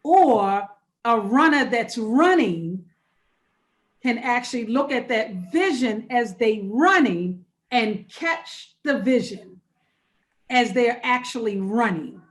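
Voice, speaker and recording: Higher-voiced woman pastor leading a webinar. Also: lively intonation, slow. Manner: repeats key phrases for emphasis, conversational and encouraging. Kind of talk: interactive online workshop talk.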